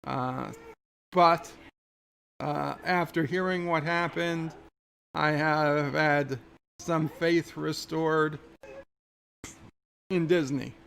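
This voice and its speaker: A man's voice: a little high, fairly even intonation, extremely slow, vocal fry, long pauses, fairly bright tone, a little hiss or hum. A man hosting a casual livestream, chatting loosely and reading viewer comments aloud, often restarting his sentences. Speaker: livestream host.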